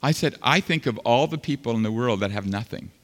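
A man preaching a sermon as pastor, swinging between loud fervent passages and quiet, earnest stretches. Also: mid-range voice, animated, brisk. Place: large church sanctuary. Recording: long hall reverb.

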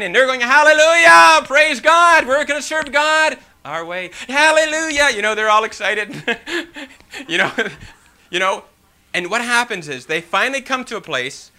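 A male preacher with a very bright, sharp-edged voice pitched a touch high for a man. He reads scripture aloud, then preaches on it with animated emphasis and rhetorical questions, dropping in casual "you know" asides. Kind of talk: sermon with scripture reading.

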